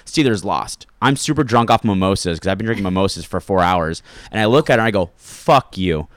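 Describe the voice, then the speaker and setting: A man's voice: on the low side, animated, quick pace, dry recording. A young man, a comedian, telling rambling stories in casual podcast chat, full of filler words. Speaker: comedian guest.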